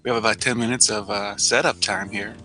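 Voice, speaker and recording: A man hosting a live-streamed show in casual chat, joking and laughing often, with soft music behind. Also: on the low side, steady tone, brisk. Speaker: show host. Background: soft background music.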